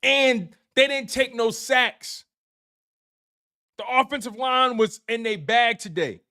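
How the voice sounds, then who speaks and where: Pushed and bright, his very high voice moves at a slow pace. He's a sports show host running an excited live-stream recap with super chats, addressing his chat directly and repeating phrases to drive points home.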